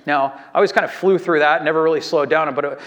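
A male pastor delivering a conversational, self-deprecating sermon. His speaking voice sits notably high for a man. He talks to the congregation like a friend, sprinkling in fillers and starting sentences over. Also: fast talker.

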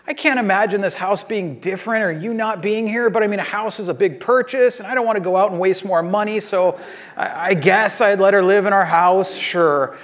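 A man's voice: high-pitched, fairly quick, a bit bright. A man voicing a tactless husband who stammers and fumbles his answers in a joke told during a sermon. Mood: fumbling.

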